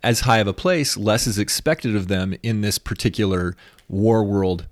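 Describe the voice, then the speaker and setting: Low-voiced man musing in dry close sound. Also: moderate pace, dry recording. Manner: musing, thinks aloud with restarts and tag questions. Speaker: podcast co-host. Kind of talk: casual religious discussion.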